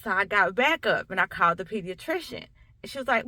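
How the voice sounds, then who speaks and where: A woman coach tells her own story straight to camera, conversational and emphatic, circling back on her points. Her voice is bright and forceful. The sound is dry and close, with no room echo. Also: mid-range voice, expressive, fast talker. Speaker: coach and sickle cell awareness speaker.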